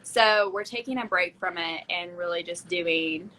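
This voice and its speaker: A woman's voice: fairly low pitch, measured pace, sharp tone, a little hiss or hum, low-quality recording. A woman hosting a casual chat about dog training, chatty and full of fillers. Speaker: podcast host.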